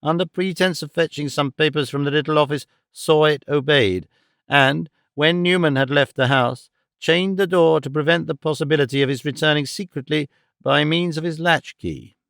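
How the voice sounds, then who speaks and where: A man narrating a classic novel as an audiobook, with a measured, formal storytelling delivery. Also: a little high, gravelly, a bit bright, dry recording, clean studio sound.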